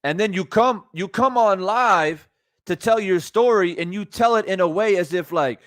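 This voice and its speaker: A man's voice: sits high, normal speed, no room sound, studio quality. A man giving live reaction commentary on boxing, heated, profane and incredulous.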